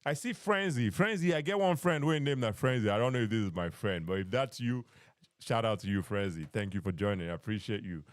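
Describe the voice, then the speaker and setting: A man's voice: lowish voice, a little fast, no room sound. A man with a Nigerian accent hosting a live call-in podcast, mixing in Pidgin and often repeating his phrases. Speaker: podcast host. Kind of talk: live-stream call-in chat.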